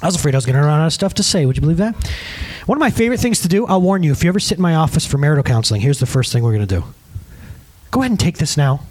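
A man's voice: fairly high pitch, very fast, slight background noise. A man preaching a sermon as pastor and counselor, talking animatedly to the congregation and acting out the conversations he quotes. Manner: animated, addresses the congregation as "guys".

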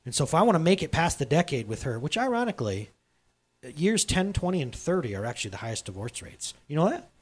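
A middle-aged man preaching a sermon to his church in a candid, conversational way, with sudden loud bursts. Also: a little high, very animated, fast, husky. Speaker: pastor. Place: church hall.

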